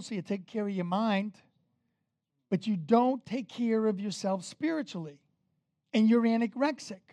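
A man with a high-pitched voice preaches a sermon, emphatic and direct, putting questions to the congregation as he goes. His loudness rises and falls as he speaks straight to them, and there's no echo.

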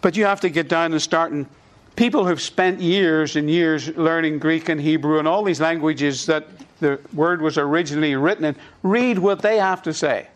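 A man's voice: fairly high pitch, moderate pace. A man preaching a sermon in a conversational teaching manner, repeating his points for emphasis.

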